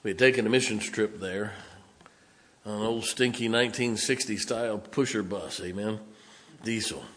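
A pastor preaching a sermon, telling a personal story with dramatic swings from loud emphatic bursts to hushed low lines. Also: male voice, moderate pace. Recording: long hall reverb.

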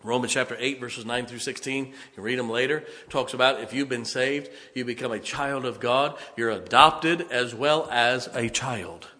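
A man preaching a sermon with fervor, repeating lines for emphasis and swinging from quiet to loud. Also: mid-range voice, moderate pace, hardly any pauses. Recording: long hall reverb.

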